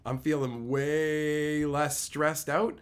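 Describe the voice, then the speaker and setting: A man from Canada chatting casually on his livestream, loopy after sedation, with animated, profane ranting. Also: on the high side, slow, smooth. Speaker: streamer.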